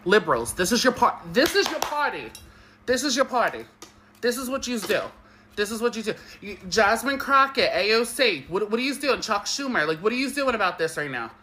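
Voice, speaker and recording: A man's voice: high voice, sing-song, fairly quick, sharp tone, a little hiss or hum. A man ranting in outrage, swearing and repeating himself. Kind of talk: angry social media rant.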